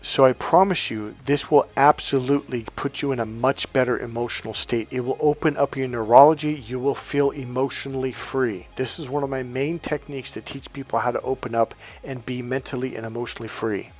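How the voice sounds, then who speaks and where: A man speaking as a motivational coach, emphatic and repetitive. His pitch sits in an ordinary middle range. Faint music plays behind his talk. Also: fairly even intonation, fairly quick, hardly any pauses, a little mellow. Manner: emphatic, repetitive, chanting mantras. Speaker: life coach.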